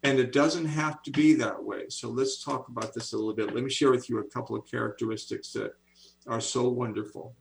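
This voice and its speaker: Speaking a little fast with a creaky, medium-pitched voice, this seventy-something author and speaker is an animated storyteller in a video-call interview. The audio is poor.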